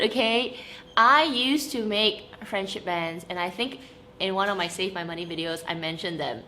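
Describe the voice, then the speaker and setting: A woman's voice: medium pitch, normal speed. A young woman, chatting animatedly to camera in a vlog, stressing points with "okay?". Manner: animated, emphatic, frequent laughs and "okay?". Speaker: vlogger. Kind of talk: casual chat to camera.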